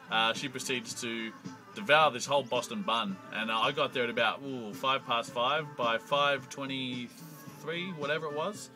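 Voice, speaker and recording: A young adult Australian man rambles through a crude comic story packed with profanity, told as a monologue. His voice is medium-pitched and the recording is rough.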